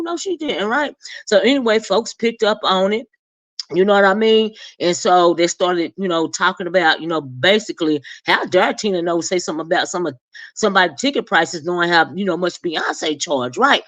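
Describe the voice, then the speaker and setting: Sassy woman dishing celebrity gossip. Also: no echo. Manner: sassy and animated, jumps high when acting out reactions. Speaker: gossip commentary host. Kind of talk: casual celebrity gossip chat.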